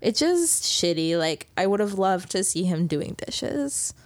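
A woman co-hosting a podcast, chatting casually about a TV episode, relaxed and given to sighs and filler words. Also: mid-range voice, a little slow, no room sound. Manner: relaxed, sighing, lots of fillers. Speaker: podcast co-host. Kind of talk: casual chat recapping a TV episode.

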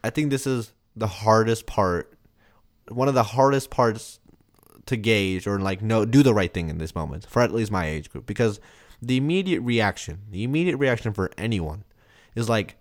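A young man with a fairly low voice gives advice in a loose, conversational way. His sentences wander, and he leans heavily on "like" as he talks things through with his father. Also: normal speed. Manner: relaxed, full of "like" fillers. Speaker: son, podcast guest. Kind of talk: casual conversation giving advice.

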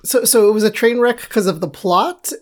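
A woman in casual podcast conversation who thinks out loud, hedging with fillers and posing questions. Her voice sits at an ordinary pitch. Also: moderate pace. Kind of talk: casual chat.

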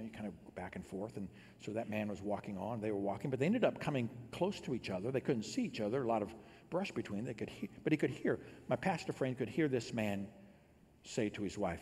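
Husky-voiced guy preaching, earnest, long echo like a big church hall. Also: on the low side. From Illinois. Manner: earnest, builds loud then drops to quiet storytelling. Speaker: pastor. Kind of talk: sermon.

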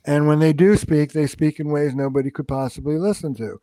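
An older man who works as a relationship counselor gives advice in a podcast interview, performing the quoted dialogue like a lively storyteller. He speaks briskly in a voice on the high side, with no echo.

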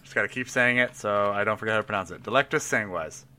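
A man's voice: on the low side, fast talker, pushed and bright. A man in casual chat, building a tabletop role-playing character and thinking aloud, rambling with restarts and laughs.

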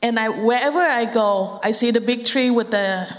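A young woman from Thailand with a Thai accent, speaking English as a second language. She gives an earnest personal testimony with halting phrasing and frequent restarts. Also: on the high side. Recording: long hall reverb.

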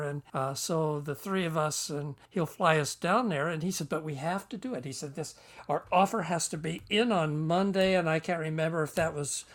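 An older man and book author telling a long story in a rambling way, chuckling and acting out the dialogue he quotes. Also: fairly high pitch. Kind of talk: storytelling anecdote.

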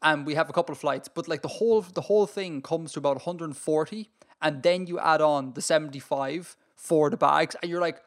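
An Irish man co-hosting a podcast in casual chat, talking in an animated, ranting way and laughing often. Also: a little high, a little fast. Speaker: podcast co-host.

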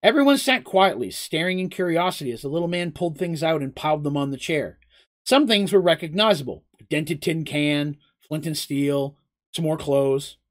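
A storyteller reading a fantasy story aloud with expressive delivery, sometimes turning aside to talk to listeners directly. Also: medium pitch, moderate pace.

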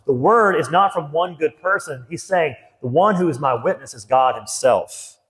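A man's voice: fairly high pitch, lively intonation, normal speed, a bit bright. A middle-aged man preaching a sermon as a pastor, earnest and emphatic, repeating key phrases. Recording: long hall reverb.

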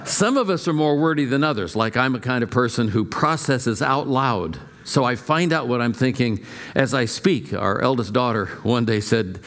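A man's voice: mid-range voice, animated, moderate pace, fairly bright tone, a little hiss or hum. A middle-aged male pastor preaching a sermon, telling stories with playful asides and shifting emphasis.

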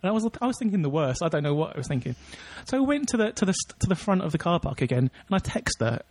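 This podcast co-host is a young man with a high, slightly mellow voice that swings widely in pitch, talking fast on a dry recording. His casual chat is full of rambling anecdotes and laughs.

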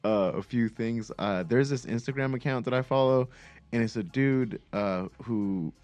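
A man's voice: mid-range voice, normal speed, a little mellow, faint music behind. A man in casual podcast chat, easygoing and hesitant, laughing often.

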